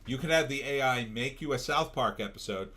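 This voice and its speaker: A man's voice: mid-range voice, brisk, sharp tone. Tired man ranting on a livestream. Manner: ranting, reads out chat comments. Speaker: livestream show host. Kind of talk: casual livestream rant.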